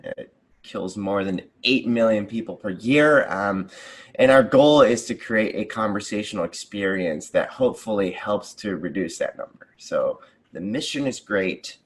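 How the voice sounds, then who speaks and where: American guy, lowish voice, excited about his work, chatty interview. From United States. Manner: enthusiastic, jumps into lively voices when telling examples. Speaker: guest, conversation designer. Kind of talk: casual interview chat.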